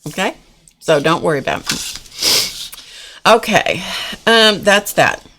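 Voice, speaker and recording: A woman's voice: on the low side, expressive, slow, sharp tone. A woman hosting a casual live-stream art class from a home desk, chatting folksily with viewers as she demonstrates. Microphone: camera mic at a desk.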